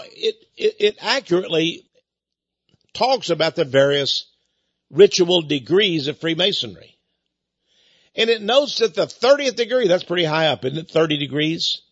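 Man, high husky voice, emphatic dramatic lecturer who repeats himself, dull dry lo-fi tape. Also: a bit bright, no echo. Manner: emphatic, repeats words, lingers on key phrases. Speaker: lecturer on religion.

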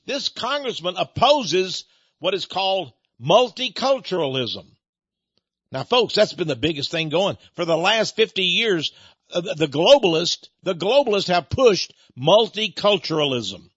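Man, radio ministry host, preachy monologue, chuckling, stumbles over repeated words, husky, slightly dull lo-fi audio. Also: high-pitched, big pitch swings, unhurried, a bit bright, no echo.

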